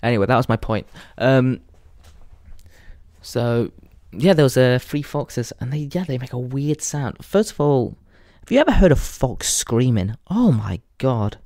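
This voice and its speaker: Crude rambling English podcaster. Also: male voice, medium pitch, expressive, a little slow, a little mellow, dry recording, clean studio sound. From England. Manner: crude, rambling, laughs at his own jokes. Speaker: podcast host. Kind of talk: casual comedic monologue.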